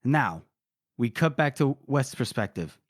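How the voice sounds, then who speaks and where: A man's voice: medium pitch, big pitch swings, a little slow, husky, dry recording, studio quality. A man co-hosting a book podcast, recapping chapters in casual talk, swearing freely and acting out the characters' lines. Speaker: podcast co-host.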